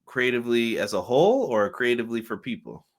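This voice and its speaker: A man's voice: mid-range voice, big pitch swings, a little fast. A male co-host, chatting casually and animatedly on a live wrestling stream, often exclaiming and swearing.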